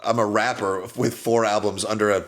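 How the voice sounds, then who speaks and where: A man's voice: fairly low pitch, little pitch movement, a little fast. A man co-hosting a podcast, telling a rambling story in a casual chat, often laughing and restarting. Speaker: podcast co-host, comedian.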